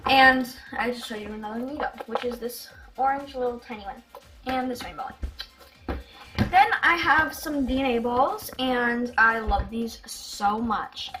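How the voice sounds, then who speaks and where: A female vlogger chatting excitedly through a casual show-and-tell of her toy collection, with giggles and gasps along the way. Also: fairly high pitch.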